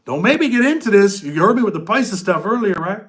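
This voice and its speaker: A man's voice: high voice, animated, fast, a bit bright. A middle-aged man hosting a casual live chat, talking in loose street slang and answering viewers' comments. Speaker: channel host.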